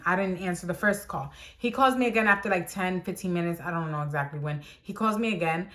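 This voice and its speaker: A woman's voice: lowish voice, fast talker, few pauses. A young woman vlogger animatedly telling a personal story time and acting out what people said. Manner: animated storytelling, acts out quotes.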